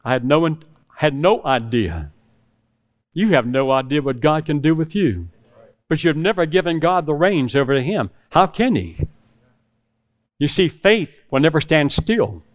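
A man's voice: a little high, lively intonation, a little slow, pauses often. A middle-aged man preaching a sermon to a room of men, telling a personal story and acting out the phone calls in it. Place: church hall with audience.

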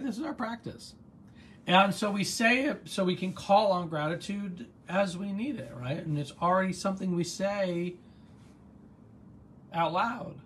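The host and coach of a live online gratitude session talks in a mid-range voice with vocal fry, with slight background noise behind him. He keeps it casual and encouraging, reading viewers' comments and veering into stories.

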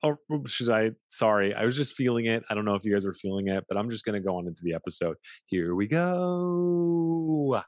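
Male podcast host, low-ish voice, playful and teasing; dry close mic. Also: fairly even intonation, racing, hardly any pauses, dry recording. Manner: goofy, teasing, playful asides. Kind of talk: podcast intro and interview. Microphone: studio mic, video call.

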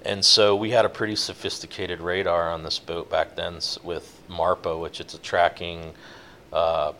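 Deep-voiced man telling a sea story. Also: moderate pace, slight background noise. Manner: relaxed, rambling, many fillers. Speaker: guest, offshore fishing boat captain. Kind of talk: casual interview storytelling.

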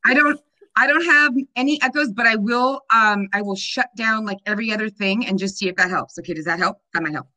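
A woman's voice: mid-range voice, brisk, sharp tone, low-quality recording. A woman in casual chat on a video call, upbeat and emphatic, laughing often.

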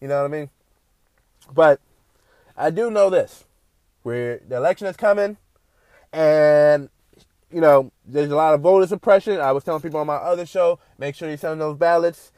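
A man hosting a podcast, talking in a loose, animated ramble full of fillers. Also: a little high, normal speed, long pauses, dry recording. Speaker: podcast host. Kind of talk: casual monologue.

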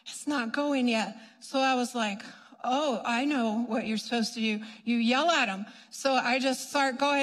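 A woman telling a lively ministry story to a congregation, acting out her own reactions. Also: on the high side, normal speed. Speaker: ministry speaker. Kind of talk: testimony sermon storytelling. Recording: long hall reverb.

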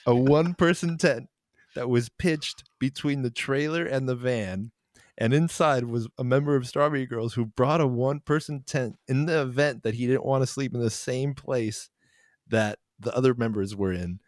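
A man's voice: mid-range voice, dry recording, studio quality. Rambling young man telling a story. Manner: rambling, halting restarts. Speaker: podcast host, band member. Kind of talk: casual chat, storytelling.

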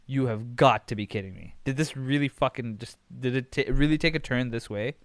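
A man's voice: medium pitch, animated, a little fast, no room sound, studio quality. A man hosting a casual recap podcast, ranting in exasperation with lots of swearing, rambling with sighs and restarts. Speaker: podcast host.

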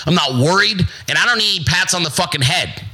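A man's voice: sits high, lively intonation, a little fast, bright, forceful tone, husky, rough recording. A man hosting his own show, giving a brash, profane motivational monologue and mocking other people in put-on voices. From United States. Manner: brash, profane, emphatic, repetitive. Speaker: show host.

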